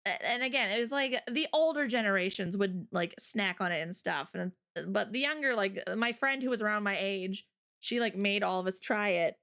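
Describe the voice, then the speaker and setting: A woman's voice: mid-range voice, moderate pace, a bit bright. A woman hosting a casual chat, telling stories in a bubbly, giggly way. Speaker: host.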